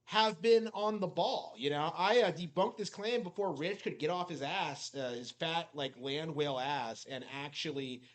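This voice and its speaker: A commentary YouTuber with a notably high voice rambles through a mocking reaction at a moderate pace, barely pausing. He sounds scornful of his subject and uses "like" constantly as a filler.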